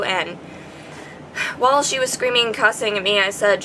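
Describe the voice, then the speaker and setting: A young woman in a personal vlog, earnest and emotional, her voice dropping soft as she nears tears. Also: mid-range voice, moderate pace, long pauses, slight background noise, rough recording. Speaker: vlogger answering viewer questions.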